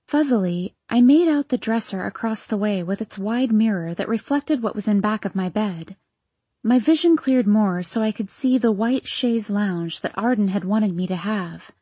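A woman reads a first-person novel aloud, her voice breathy and husky at a middle pitch. The sound is dry and close, with no room behind her, and her delivery is hushed and anxious. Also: animated, moderate pace, dry recording. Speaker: audiobook narrator.

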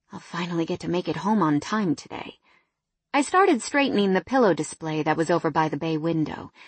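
A woman narrates a first-person romance audiobook with an expressive delivery that turns sharp-tongued in the arguments. Her voice is soft and husky, with a touch of breath. It is recorded close and completely dry. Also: medium pitch, no room sound.

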